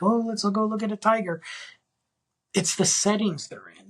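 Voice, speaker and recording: Man in his thirties, solo podcast host, raspy tone, eager and loose delivery. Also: a little high, fairly bright tone. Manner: enthusiastic, rambling, slangy. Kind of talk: casual podcast monologue.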